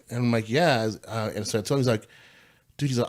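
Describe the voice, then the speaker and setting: A pastor tells stories on a casual podcast, slangy and animated, throwing around "bro" and "dude." His voice is on the low side and his pace a little fast.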